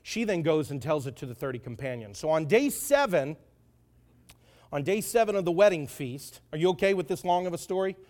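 A preacher with a high, bright voice telling a story in a loose, jokey way. He drops asides to the listeners and keeps the talk conversational. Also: lively intonation, fairly quick. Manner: frequent asides to the audience. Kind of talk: sermon.

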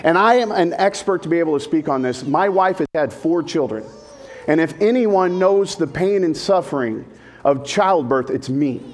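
A man's voice: fairly high pitch, expressive, normal speed. A male pastor giving a humorous sermon, talking in a jokey, conversational way and putting questions to the congregation.

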